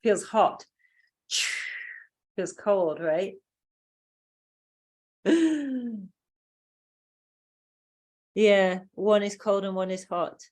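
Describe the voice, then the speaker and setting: A woman's voice: medium pitch, fairly even intonation, slow, long pauses, a little mellow. A woman from England with a British accent, leading a group lesson and explaining in a loose, rambling way with many fillers. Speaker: workshop teacher.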